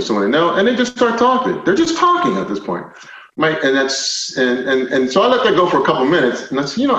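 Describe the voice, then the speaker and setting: A man telling a personal story as a podcast guest, animated, moving from quiet stretches to loud indignant retellings. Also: medium pitch. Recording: roomy, slightly dull podcast audio.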